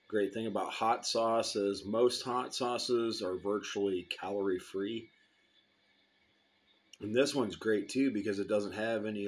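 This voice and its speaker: A man casually reviewing hot sauce, rambling between bites and sips. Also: on the low side. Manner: relaxed, rambling, eating and sipping while talking.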